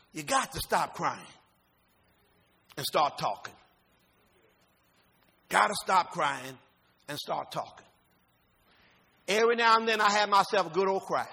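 A man pastor preaching a sermon, folksy and informal, swinging from loud rising shouts to low quiet talk. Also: gravelly, slightly rough.

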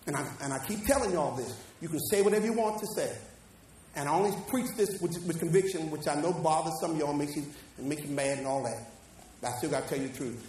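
A pastor preaching a sermon, building to shouts and calling the congregation to read along. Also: male voice, a little high, a little hiss or hum. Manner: preaching with rising shouts and call-and-response. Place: church. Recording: echoey church hall from far off.

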